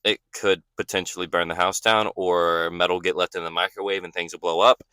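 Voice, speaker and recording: A young man guesting on a podcast, chatting casually and tossing in easy jokes. His voice is very low but bright and smooth. The sound is dry and close to the mic. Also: level tone, fairly quick, dry recording. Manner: easygoing, jokey agreement. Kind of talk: casual chat.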